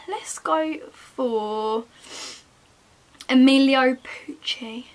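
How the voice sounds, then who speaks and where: Young woman with a higher voice, casual vlog chatter, joking at her own expense. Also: animated, takes it slowly, fairly bright tone. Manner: chatty, self-mocking, talks to herself while browsing. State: chilly, wrapped in a jacket. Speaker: vlogger. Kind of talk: casual shopping vlog chat.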